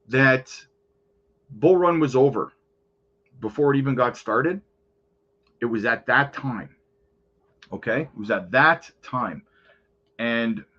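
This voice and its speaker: A man's voice: mid-range voice, a bit bright, lo-fi sound. A man hosting a crypto channel, chatting casually over market charts and often calling out to his viewers.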